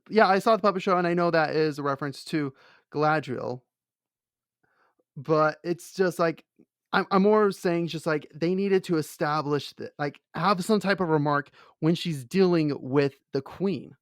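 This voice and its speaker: A man's voice: a little high, normal speed, smooth, no echo, clean studio sound. A man co-hosting a casual chat, talking in a rambling way with many fillers and restarts. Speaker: podcast co-host.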